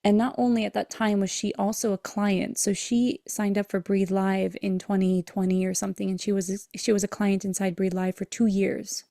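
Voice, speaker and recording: Woman podcast host, warm mellow tone, flat steady pitch, emotional storytelling. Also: normal speed, gravelly, few pauses, dry recording, clean studio sound. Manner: emotional, earnest, acts out dialogue in her story. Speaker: podcast host and breathwork coach. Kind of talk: personal storytelling.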